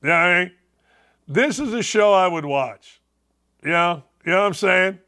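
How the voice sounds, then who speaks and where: High gravelly excitable talk host. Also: male voice, normal speed. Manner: excitable, rambling, sarcastic. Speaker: sports talk show host. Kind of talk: opinionated sports and politics talk show.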